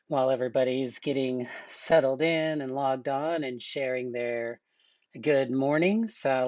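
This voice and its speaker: A man teaching a live online exam-prep lesson in a relaxed, chatty way, with filler words and joking asides. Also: medium pitch, no room sound. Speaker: webinar instructor.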